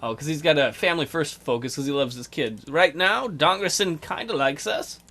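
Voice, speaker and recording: A man's voice: a little high, normal speed, sharp tone, soft background music. A man hosting a strategy game let's play with casual, crude, joking commentary.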